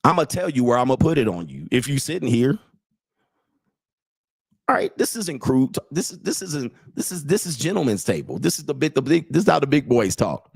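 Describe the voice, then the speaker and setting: A man's voice: medium pitch, big pitch swings, a little fast, vocal fry, breathy edge, no room sound. A man in his late forties hosts a livestream, talking crude and blunt, mocking and laughing at his own jokes while reading chat. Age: 40s. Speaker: host and dating coach.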